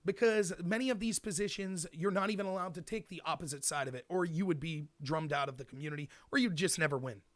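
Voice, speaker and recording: A man hosting a solo commentary show, talking at a rapid clip in a fairly high voice. He rants with animated energy and slips into mock quotes. The sound is dry and close, with no room echo. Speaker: host. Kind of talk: commentary monologue.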